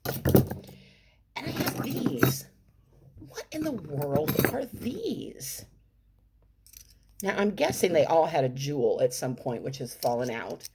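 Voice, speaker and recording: A middle-aged woman telling a story on her vlog in an animated, playful, enthusiastic way. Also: low-pitched, unhurried, very noisy. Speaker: vlogger.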